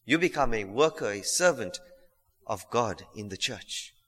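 A man preaching with a bright, forceful voice, earnest and emphatic, pressing his listeners with rhetorical questions. His voice rings through a church hall with a long reverb tail. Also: on the low side, animated, measured pace. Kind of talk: sermon.

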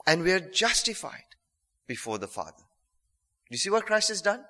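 Bright-voiced man preaching in a reverberant hall. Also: high voice, sing-song. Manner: earnest, repeats phrases for emphasis, slows on key lines. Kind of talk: sermon.

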